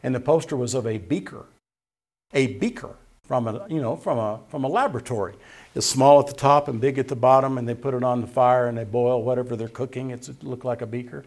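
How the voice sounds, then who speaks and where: Gravelly guy preaching, folksy, gets loud on the bible verses, voice wearing out. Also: mid-range voice, fairly even intonation, brisk. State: tiring voice. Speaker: pastor. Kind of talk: sermon.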